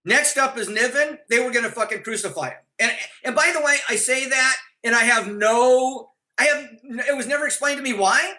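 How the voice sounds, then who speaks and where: A man's voice: very high voice, brisk, few pauses, pushed and bright, poor audio. A middle-aged man, a former band manager, telling blunt, profane stories in an interview, often restarting his sentences. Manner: blunt and profane, with frequent restarts and acted-out dialogue. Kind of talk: anecdotal storytelling in an interview.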